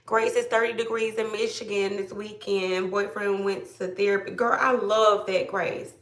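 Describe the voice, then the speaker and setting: A woman from Georgia, chatting casually to viewers on a live stream, greeting them by name and a little hoarse after being ill. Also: mid-range voice, fairly even intonation, normal speed, fairly bright tone, reverberant, far from the mic. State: slightly hoarse after illness. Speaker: livestream host.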